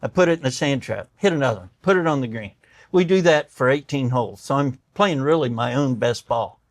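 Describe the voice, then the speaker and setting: A mid-range, fairly quick voice belongs to an older doctor who tells stories as a guest in conversation. He brings quoted people to life in animated fashion and turns tearful. Clean studio sound, no echo.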